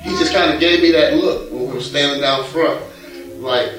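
A man's voice: on the high side, moderate pace, fairly bright tone. A man preaching a folksy sermon, repeating a catchphrase and reading scripture aloud. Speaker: pastor. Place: church sanctuary. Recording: echoey church hall from a distant mic with faint music.

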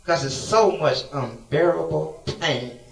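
A man's voice: on the high side, takes it slowly, vocal fry. A man preaching a sermon, pleading with God in a passionate, swinging delivery. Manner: impassioned, swings between pleading and laughing. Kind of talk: sermon with storytelling. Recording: echoey room, mic from a distance.

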